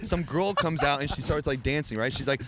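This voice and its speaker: A man telling wild stories as a podcast guest in casual chat, animated and profane, often laughing as he talks. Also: fairly high pitch, fairly quick, background noise.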